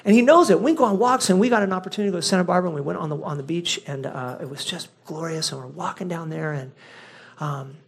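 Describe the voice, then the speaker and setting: A pastor in a church, giving an animated, self-mocking storytelling sermon that swings from loud outbursts to hushed warnings. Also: mid-range voice, fast, creaky.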